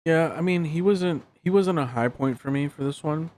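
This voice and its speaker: A podcast co-host chatting casually about a movie, giving short relaxed remarks. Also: mid-range voice, normal speed. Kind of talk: casual movie review chat.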